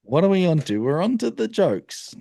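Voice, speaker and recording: A man's voice: high-pitched, very animated, moderate pace, creaky, warm tone, no echo, studio quality. A man hosting a casual sports podcast, laid-back and laughing often. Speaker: podcast host.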